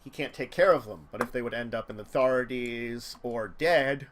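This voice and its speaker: A man's voice: medium pitch, normal speed, fairly bright tone. A man running a tabletop game, explaining things in easygoing asides. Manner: laughing, easygoing asides between scenes. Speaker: game master. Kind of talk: casual tabletop game chat.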